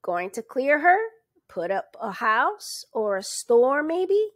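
A woman's voice: sits high, sing-song, slow, no echo, studio quality, heavily acted. Woman doing a folksy grumbling rural constable. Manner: folksy drawl, loud and suspicious. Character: chatty grumbling rural male constable, middle-aged.

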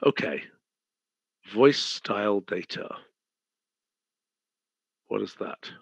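A man's voice: on the low side, very slow, gravelly, husky, dry recording, low-quality recording. A man running a live working design meeting, thinking aloud in a direct, decisive way. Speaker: company head leading a design meeting.

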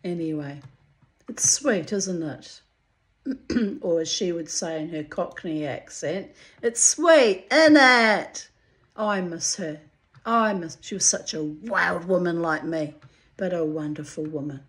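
A woman, reading her old diary entries aloud to her viewers and breaking off into candid, chatty asides, clearing her throat now and then. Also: lowish voice, measured pace. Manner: candid, muses aloud, swears freely, frequent throat-clearing.

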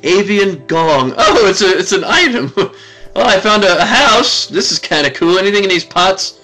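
Male gamer, 30s, high bright voice, animated pitch, faint game music behind. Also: moderate pace. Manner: excitable, talks to the game, frequent laughs and exclamations. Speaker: gaming video host. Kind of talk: let's play commentary.

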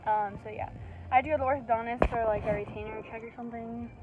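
Giggly girl vlogging, high voice, talks to camera, music playing behind. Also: steady tone, very fast, phone-quality sound. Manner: giggly, chatty, keeps restarting. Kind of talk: casual vlog chat.

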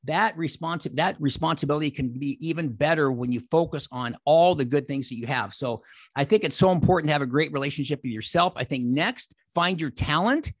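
A man in his sixties giving an energetic motivational talk on a video call, acting out the exchanges he describes. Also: on the high side, a little fast, no room sound. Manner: animated, acts out quoted exchanges. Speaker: motivational speaker.

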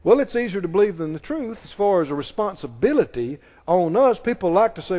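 Brief: high-pitched male pastor, emphatic sermon delivery, call-and-response, long hall reverb. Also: sing-song, brisk, hardly any pauses, warm tone. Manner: emphatic preaching, leads the congregation in call-and-response.

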